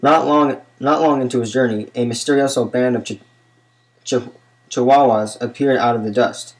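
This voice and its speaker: Brief: man narrating a kids' picture book, steady and unhurried. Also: mid-range voice, rough recording. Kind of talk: children's book read-aloud.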